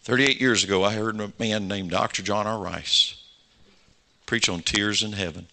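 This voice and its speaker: A man, preaching a sermon. He tells stories and voices their dialogue, then presses his point with fervent calls to the congregation. His voice is very bright and forward. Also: on the low side, fairly even intonation, normal speed, gravelly. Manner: storytelling preacher, acts out dialogue, rising to fervent exhortation. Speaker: pastor.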